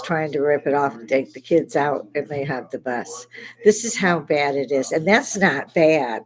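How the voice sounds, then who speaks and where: A woman's voice: low-pitched, poor audio. An older woman hosting a casual monologue, ranting angrily in a blunt, profane way. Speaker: host.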